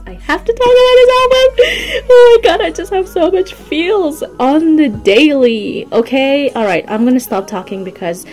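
A woman's voice: mid-range voice, a little mellow, low-quality recording. A young woman vlogging an album unboxing, gushing with breathless fan exclamations. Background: faint background music.

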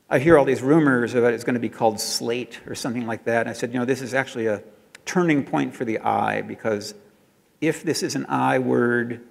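A man recounting his advertising work tells an anecdote to an audience in a chatty way, with many fillers and restarts. His fairly low voice has vocal fry, and the sound has a big-room quality.

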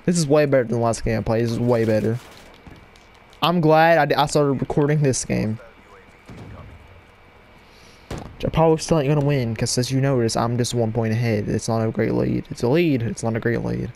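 A man giving live gameplay commentary at his computer desk at home, excitable and yelling at opponents in bursts, on a cheap mic with no windscreen. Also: medium pitch, fairly quick, creaky, a little hiss or hum. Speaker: gaming channel host. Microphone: cheap headset mic without windscreen.

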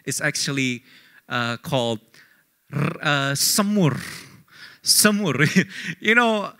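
A young man leads a youth sermon as its pastor, his high voice jumping between loud emphatic peaks and quiet storytelling. His tone is bright and forceful. He talks straight to the young people in front of him. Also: expressive, slow pace, vocal fry. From Korea. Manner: addresses the youth crowd directly, asks for raised hands.

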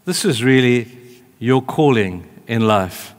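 A male preacher delivering a sermon, telling a story in an animated way, moving between hushed and raised delivery. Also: medium pitch, slow pace, big-room sound.

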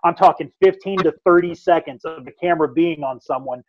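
A man's voice: a little high, brisk, no room sound, highs cut off. A man co-hosting a podcast, ranting emphatically in casual chat and swearing constantly. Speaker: podcast co-host.

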